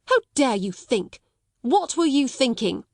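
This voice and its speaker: A woman voicing a stern, harsh schoolmistress who makes sharp, indignant demands. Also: a little high, very animated, moderate pace, no room sound, clean studio sound, pitched above the performer's own voice.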